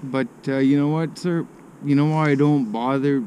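A young man speaks outdoors, quiet and halting and clearly emotional. His voice is warm and mellow. Faint traffic noise is heard behind him. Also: fairly high pitch, steady tone, poor audio. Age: young adult. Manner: quiet, halting, soft-spoken. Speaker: passerby in conversation. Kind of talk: casual street conversation. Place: outdoors in a city park in winter.

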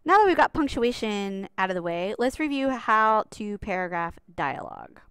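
Woman, teacher, patient explanatory lesson, smooth voice, mid pitch. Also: sing-song, moderate pace, fairly bright tone, no echo. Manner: patient and explanatory, stresses key rules. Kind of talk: classroom writing lesson over slides.

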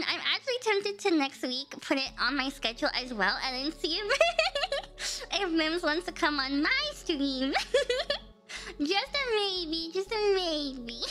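Very high-pitched giggly woman streamer. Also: bright, forceful tone. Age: young adult. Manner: giggly, talks back to chat, frequent laughter. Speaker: VTuber streamer. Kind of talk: casual live-stream chat.

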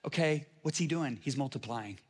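A middle-aged man with a husky, middle-pitched voice delivers a storytelling sermon at normal speed. Animated, he swings from hushed asides up to loud, emphatic shouting, and the big church hall leaves a long reverb trailing each phrase.

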